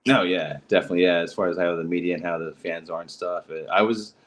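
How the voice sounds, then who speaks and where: A low-voiced man hosts a casual livestream, drifting through his anecdotes with constant fillers, stops and restarts. He slips into quick voices for the people in his stories, then falls back to his easygoing chat. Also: fairly even intonation, a bit bright, a little hiss or hum, poor audio. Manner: rambling storyteller, many fillers and restarts, acts out quotes. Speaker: podcast host.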